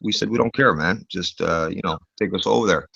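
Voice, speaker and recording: Deep, creaky, and husky, this man's voice moves briskly as he retells a rowdy story in casual conversation, animated and profane, padding pauses with "uh" and "you know." It's a dull, lo-fi, dry recording without echo.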